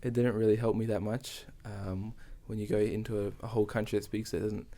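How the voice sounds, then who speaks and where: Relaxed New Zealand man. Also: fairly low pitch, a little fast. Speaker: interview guest. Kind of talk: casual interview.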